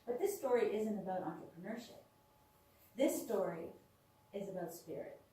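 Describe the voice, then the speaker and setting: A woman's voice: mid-range voice, normal speed. A woman telling personal stories to a small audience, acting out what others said. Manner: animated storyteller, acts out quoted voices. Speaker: speaker sharing personal experiences. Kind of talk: storytelling talk to a small audience. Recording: echoey room, voice from far off.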